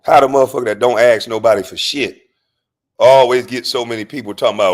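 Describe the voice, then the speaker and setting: Man host, heated profane rant, mid pitch. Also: steady tone, fast. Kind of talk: casual rant.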